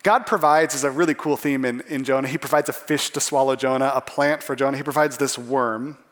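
A man preaching a sermon, animated, acting out the voices of the people in the story. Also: mid-range voice, fairly quick. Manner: animated, acts out voices of characters. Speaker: pastor. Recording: long hall reverb.

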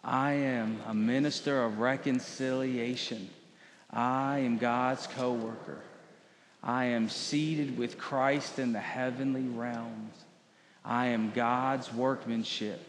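A man's voice: mid-range voice, fairly even intonation, slow, in a large hall, slight background noise. A man preaching a sermon as pastor, leading his congregation through spoken declarations. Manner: leads congregation in call-and-response declarations.

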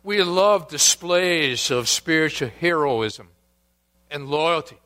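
A male pastor delivers a sermon at an unhurried, measured pace. His voice is fairly high and bright, with emphatic swells on key words and quiet asides in between. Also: expressive. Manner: slow, deliberate preaching with emphatic rises and quiet asides; reads scripture quotes aloud with emphasis.

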